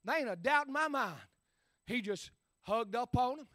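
A man preaching a sermon in a rhythmic style, dotting his phrases with "uh" and swinging between shouted peaks and hushed asides. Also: extremely high pitch, expressive, normal speed, no room sound.

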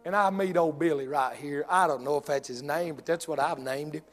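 A man preaching a humorous storytelling sermon in a folksy, animated drawl. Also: on the high side, fairly quick, faint music behind.

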